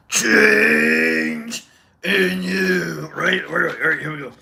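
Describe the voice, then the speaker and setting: A man's voice: high-pitched, extremely slow, creaky, sharp tone. A man hosting a livestream who tells a rambling, casual story, swearing freely and restarting his sentences often. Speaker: livestream host.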